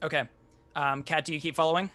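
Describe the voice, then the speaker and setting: Man, game master, bright voice, slightly high, loose narration, lots of ums and restarts. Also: fairly even intonation, fast.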